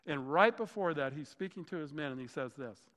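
A man's voice: on the high side, lively intonation, fairly quick, a bit bright. A man preaching a sermon as a pastor, enthusiastic and often exclaiming in wonder. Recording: long reverb of a large hall.

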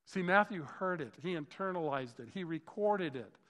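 A man's voice: sits high, animated, moderate pace, fairly bright tone. A man preaching a sermon as a pastor, enthusiastic and often exclaiming in wonder. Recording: long reverb of a large hall.

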